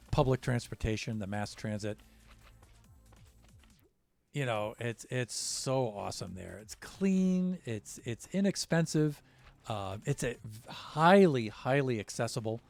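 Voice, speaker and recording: A man's voice: fairly low pitch, creaky. An American man casually chatting with his stream viewers, rambling with lots of fillers and restarts. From United States.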